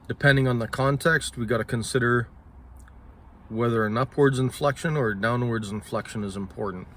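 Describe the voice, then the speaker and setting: A man thinking aloud in casual spoken musing, halting and correcting himself, often clearing his throat. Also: medium pitch, fairly bright tone, a little hiss or hum. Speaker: solo talker.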